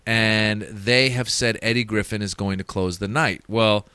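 A man's voice: on the low side, unhurried, smooth, no room sound. A man, a stand-up comedian, telling anecdotes in casual chat and acting out the voices of the people in them. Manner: animated, acts out voices in anecdotes.

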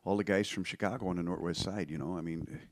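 A man's voice: deep voice, steady tone, fast talker, a little hiss or hum. A man in his forties, a comedian guest chatting casually, joking and laughing often as he rambles. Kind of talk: casual comedy podcast chat.

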